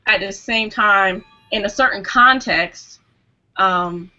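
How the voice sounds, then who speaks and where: Soft music plays behind a woman whose mid-range voice is slow, bright and forceful. Speaking earnestly as a guest in a casual group discussion, she keeps saying "you know" and restarting, heard through a video call microphone with dull, lo-fi quality.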